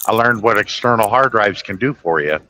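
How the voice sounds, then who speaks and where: A man's voice: lowish voice, expressive, a little fast, pushed and bright, a little hiss or hum, rough recording. A man hosting a casual chat, retelling movie scenes in a rambling, self-correcting way. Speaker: host. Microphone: podcast microphone.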